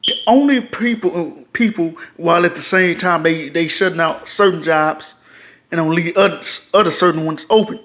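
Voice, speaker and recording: A man's voice: on the high side, moderate pace, a bit bright. Frustrated man ranting to camera. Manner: frustrated, profane, repetitive. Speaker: YouTuber. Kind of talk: casual ranting monologue.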